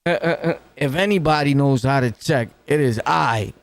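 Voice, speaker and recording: A man's voice: mid-range voice, normal speed, no echo. A man with a New York accent reacting to clips in casual commentary, full of street slang and laughing asides, talking right up on the mic. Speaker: reaction streamer. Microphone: close to the mic.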